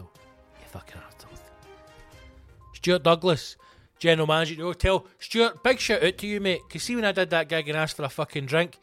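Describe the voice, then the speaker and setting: A Scottish man riffing through a comedy podcast monologue, foul-mouthed and animated, with a voice of ordinary middle pitch. Faint music plays behind him. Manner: sweary, animated, ranting.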